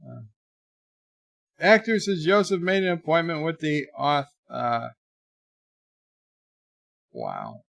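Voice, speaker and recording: A man's voice: on the high side, very animated, takes it slowly, creaky, pauses often, no echo, clean studio sound. A man hosting a live stream, reading viewers' chat messages aloud in a rambling, chatty way. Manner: chatty, rambling, trails off quietly.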